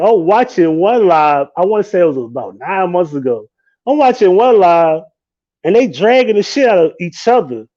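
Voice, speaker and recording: A man hosts a live stream and riffs in a loose, animated and profane way, laughing often. His voice sits a little high for a man. The audio is dull and lo-fi. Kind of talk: casual live-stream commentary.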